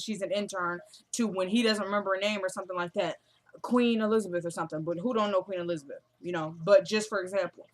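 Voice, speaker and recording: A woman casually recapping a TV episode, chatty and slangy, briefly acting out the characters' lines. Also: medium pitch. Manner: chatty, acts out characters' lines in quick paraphrase; slangy, fillers like "you feel me". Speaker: TV show recapper.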